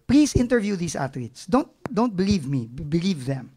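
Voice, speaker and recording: A man's voice: a little high, sing-song, normal speed, warm tone, a little hiss or hum. A middle-aged man with a Filipino accent, a government agency head answering press questions frankly and emotionally, slipping into Tagalog phrases. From Philippines.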